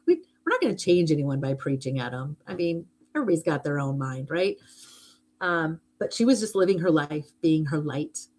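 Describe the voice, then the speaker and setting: A woman's voice: low-pitched, big pitch swings, moderate pace, darkish tone. A middle-aged woman hosting a live stream, chatting casually and heartfeltly, rambling a little and thanking viewers for gifts.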